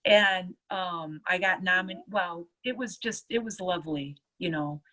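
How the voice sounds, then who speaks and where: A woman nurse telling stories from her work in a casual interview, lively and acting out what others said. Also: fairly low pitch, measured pace, background noise. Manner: lively storyteller, acts out others' lines. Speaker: nurse and EFT tapping practitioner.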